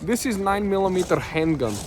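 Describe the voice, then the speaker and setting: A man putting on a mock Russian accent to voice a deadpan man who explains a dangerous children's game in broken English. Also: high voice, fairly quick, voice pushed up. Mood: mock-serious. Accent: put-on Russian. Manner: flat, announcer-like, broken English.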